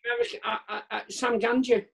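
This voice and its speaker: A man's voice: extremely high pitch, little pitch movement, quick pace, vocal fry, a bit bright, slightly rough. A man who is a comedian, chatting candidly as an interview guest over a video call, rambling and self-deprecating and trailing off mid-sentence. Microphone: remote video call.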